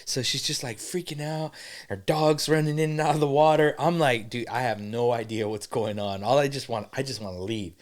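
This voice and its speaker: Dude spinning a story on a podcast, lots of bro and cussing, animated. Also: male voice, medium pitch, a little fast. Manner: animated, slangy, swears freely. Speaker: podcast co-host. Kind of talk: casual storytelling.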